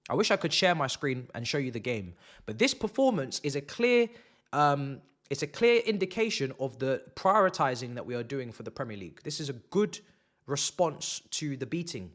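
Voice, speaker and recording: A young man hosting a live football watch-along, talking sarcastically and swinging between muttered asides and loud rants. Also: medium pitch, very animated, moderate pace.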